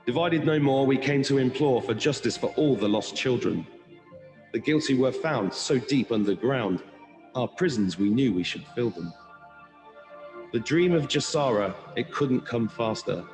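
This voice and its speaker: A man reciting a rhyming poem in a slow, solemn manner. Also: mid-range voice, darkish tone. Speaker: poet reading his poem. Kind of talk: recited poem over music. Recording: roomy reverb with music behind.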